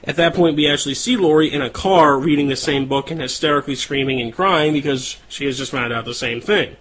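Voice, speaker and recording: A man's voice: fairly high pitch, fairly quick, crowd noise, poor audio. A man casually recapping a horror movie's plot as a podcast co-host, swearing freely.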